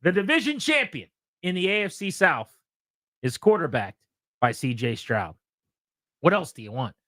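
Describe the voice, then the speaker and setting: Bright-voiced male sports radio host. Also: on the high side, big pitch swings, normal speed, dry recording. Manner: methodical, lists players and picks.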